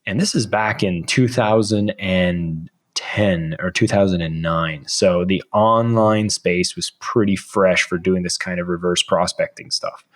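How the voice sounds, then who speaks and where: A man in his thirties speaks as a podcast guest, in a voice pitched on the low side. He tells a casual story in an animated way, acting out the lines he once said. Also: a little slow, few pauses.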